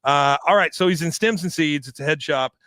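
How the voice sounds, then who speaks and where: A man's voice: on the high side, brisk, a bit bright, no echo, clean studio sound. A man co-hosting a podcast, chatting casually as he recaps a cartoon episode and airs blunt opinions. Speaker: podcast co-host.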